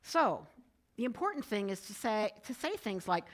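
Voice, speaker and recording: A middle-aged woman giving a talk to a group, moving from calm advice into lively personal storytelling. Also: medium pitch, normal speed. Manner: lively storytelling, rising with excitement in anecdotes.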